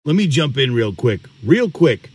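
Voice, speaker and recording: A man's voice: mid-range voice, sing-song, a little slow, a little mellow, breathy edge. Earnest man preaching to camera. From Boston, USA. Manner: earnest, preachy, repeats for emphasis. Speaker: vlogger. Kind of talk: emphatic commentary to camera. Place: outdoors on a rural property.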